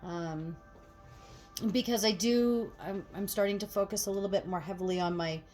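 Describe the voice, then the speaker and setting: A woman chatting casually to viewers as she gets ready, swearing freely and getting animated when annoyed. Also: medium pitch, moderate pace, soft background music. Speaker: tarot reader and channel host. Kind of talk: casual get-ready-with-me chat.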